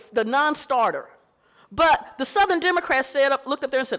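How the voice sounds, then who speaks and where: A woman giving a keynote speech at a conference, telling history in a lively way and acting out the voices of the people she quotes. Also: sits high, brisk. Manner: animated storytelling, acting out quoted voices, laughing. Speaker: keynote speaker. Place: conference hall.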